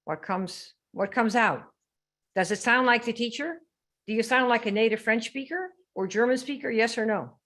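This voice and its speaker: A woman's voice: fairly high pitch, normal speed, a bit bright. A woman hosting a live sales training stream, brash and teasing as she quizzes her viewers. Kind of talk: lively live-stream coaching.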